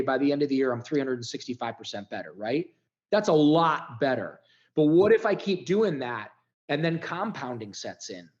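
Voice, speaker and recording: A man's voice: mid-range voice, muffled recording. A man in his fifties from Ohio, a podcast guest telling his life story in a candid, emotional way with casual swearing. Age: 50s.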